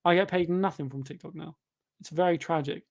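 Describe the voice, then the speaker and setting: A young man, pitched a little above most men, talks through a live football stream while reading chat aloud. He sounds tired and rambles casually, then breaks into excited shouts whenever the match heats up. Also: brisk, gravelly. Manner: chatty, bursts of excitement at the game.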